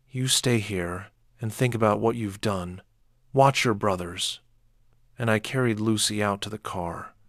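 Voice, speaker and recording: A man reading a first-person horror story as scripted narration, measured and low-key, with sharp outbursts when quoting. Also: no room sound, studio quality.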